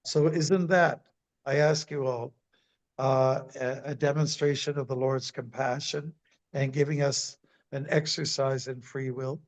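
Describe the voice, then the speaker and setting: A man, a monk, giving a scripture class as a sermon in a deliberate way, repeating words for emphasis. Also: medium pitch, steady tone, rough recording. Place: temple.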